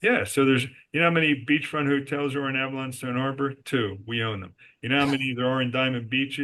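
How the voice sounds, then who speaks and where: On a podcast interview, a guest who works as a resort company executive tells business stories with emphasis, answering his own rhetorical questions. His mid-range male voice is steady and fairly bright, and he talks fast.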